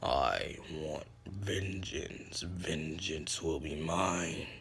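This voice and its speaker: A man voicing a young male hero turned vengeful and brooding, speaking in a slow, low, menacing whisper. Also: gravelly, a bit bright, slight background noise, full character voice.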